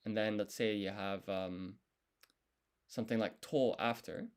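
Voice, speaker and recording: A man studying on a live stream, thinking aloud and correcting himself as he works through each character in a relaxed, casual way. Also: on the low side, a little slow, clear, resonant tone. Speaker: language learner streaming his study.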